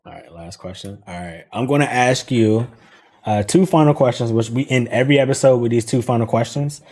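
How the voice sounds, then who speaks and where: A man's voice: medium pitch, brisk, darkish tone. A man hosting a casual livestream talk show, loose and laughing, with slang.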